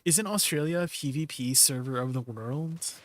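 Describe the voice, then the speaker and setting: A man's voice: mid-range voice, normal speed, a bit bright, a little hiss or hum. A man casually chatting on a game stream, explaining gear and greeting viewers from chat.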